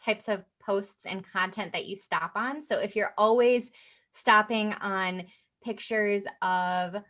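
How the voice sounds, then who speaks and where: A woman guest explaining her work in an interview, in a steady, patient way with frequent fillers. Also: medium pitch, slow. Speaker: guest, personal brand specialist.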